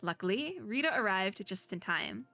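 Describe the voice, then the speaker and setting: A woman's voice: mid-range voice, big pitch swings, normal speed, bright, forceful tone, no room sound, faint music behind. A woman reading as Albator, upbeat Valkyrie friend. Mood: friendly. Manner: friendly, encouraging.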